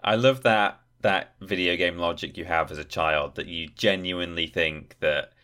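A man's voice: sits low, moderate pace, clear, resonant tone. A man co-hosting a podcast, telling anecdotes in casual chat. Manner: animated anecdote teller. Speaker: podcast co-host.

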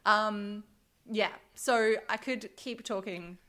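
A woman's voice: medium pitch, slow pace, a crowd in the background. A woman co-hosting a podcast, chatting casually and enthusiastically, with lots of "like" and "um.". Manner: enthusiastic, rambling, uses "like" and "um" a lot. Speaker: podcast co-host. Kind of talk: casual chat.

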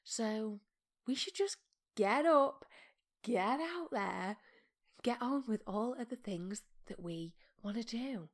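A woman in her thirties hosting a podcast, talking in a soft, often half-whispered, self-mocking monologue. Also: a little high, animated, slow. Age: 30s. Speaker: podcast host.

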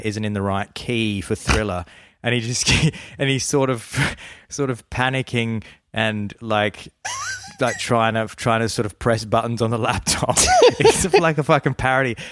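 Podcast co-host, low male voice, rambling comic storyteller, dry close sound. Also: fairly even intonation, moderate pace, a bit bright, smooth, no echo. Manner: rambling, laughing storytelling with restarts. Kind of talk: casual comedic chat.

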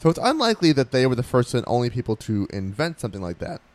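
A man hosting a podcast in a casual, animated and chatty way. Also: medium pitch, fast talker, a little hiss or hum. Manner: animated, chatty, frequent fillers. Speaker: podcast host.

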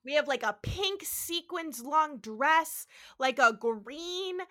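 A woman co-hosting a podcast, recapping a TV episode in excitable, sweary casual chat. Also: high voice, slow. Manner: excitable, swears, laughs, acts out quotes. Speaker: podcast co-host.

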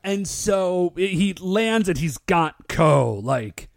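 Male co-host, bright upper register, gushing filler-heavy delivery. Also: high voice, slow pace, vocal fry, dry recording, studio quality. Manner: excitable, filler-heavy with lots of "like". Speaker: podcast co-host. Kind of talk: casual recap chat.

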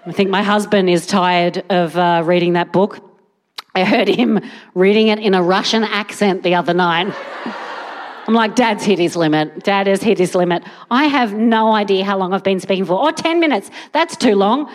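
A woman's voice: medium pitch, moderate pace. A woman doing rambling, self-mocking stand-up comedy on a theatre stage. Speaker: guest comedian. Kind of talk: stand-up set then chat. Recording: live hall, audience present.

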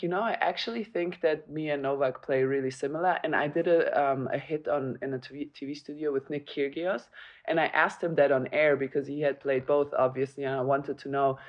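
A woman's voice: low voice, lo-fi sound. A woman co-hosting a tennis podcast, chatting casually and analytically and laughing easily. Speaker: podcast co-host, former player.

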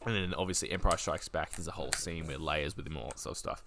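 A man co-hosting a podcast in casual chat, animated and joking, swearing freely. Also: rumbling low, fast, creaky, background noise. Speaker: podcast co-host.

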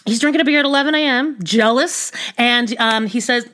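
A woman's voice: fairly high pitch, brisk, fairly bright tone. A woman hosting a solo podcast, recapping casually and rambling with lots of filler words, restarts and wry asides. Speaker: podcast host recapping a reality show.

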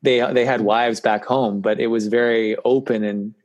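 A man hosting a podcast in casual chat, animated and playful in how he talks. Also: fairly low pitch, moderate pace, muffled recording. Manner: animated, mimics camp voices for laughs. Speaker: podcast host.

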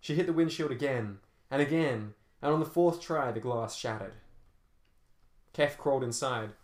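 A man's voice: medium pitch, moderate pace, darkish tone. A man narrating an action novel as an audiobook, telling fight scenes dramatically with shifting pace. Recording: roomy echo.

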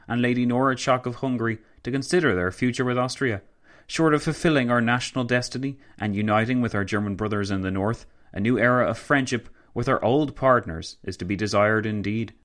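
A man's voice: lowish voice, fairly bright tone, natural voice. A man reading a formal statesman's speech. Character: formal, hopeful male Austrian statesman.

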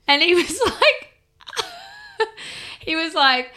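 A young woman, telling a story in a casual chat, animated and laughing as she swears. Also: sits high, unhurried, long pauses. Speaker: podcast co-host.

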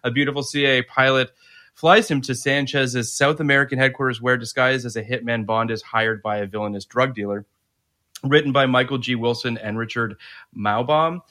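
A man's voice: mid-range voice, fairly even intonation, fairly quick, bright, forceful tone. A man co-hosting a podcast in casual chat, laughing often and swearing casually as he talks and reads a synopsis. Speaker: podcast co-host.

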